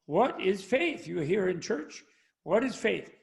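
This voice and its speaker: A man's voice: sits high, sing-song, measured pace, vocal fry, full character voice. A man putting on an American Southern accent to voice a folksy preacher coaxing his congregation, speaking in a drawling, sing-song way. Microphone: video call.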